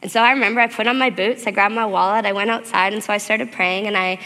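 A woman giving an earnest, animated personal testimony as a church speaker, recorded in a church hall. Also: medium pitch, fast. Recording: long reverb of a church hall.

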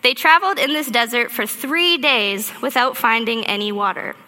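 A woman preacher giving a sermon, telling a story in a lively way and acting out her own thoughts. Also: fairly high pitch, moderate pace. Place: church auditorium. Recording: reverberant hall.

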